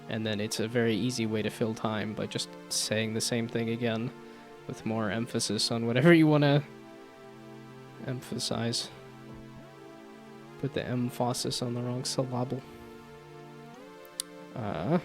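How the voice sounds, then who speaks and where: Male streamer-developer, gravelly voice, casual think-aloud chat at a clicky desk mic, guitar music bed. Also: mid-range voice. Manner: thinks aloud, muttering to himself, playful asides. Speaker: VTuber game developer streaming. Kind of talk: casual live-stream chat while coding. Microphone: desk microphone with loud keyboard clicks. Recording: music playing under a live stream.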